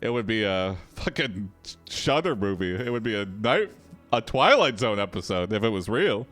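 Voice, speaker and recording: A man's voice: lowish voice, very animated, normal speed, a bit bright, faint music behind. A man hosting a live stream, reacting to an AI story with jokes and frequent laughter. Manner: joking, reactive, laughs often. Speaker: host and game player. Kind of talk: live-streamed game commentary.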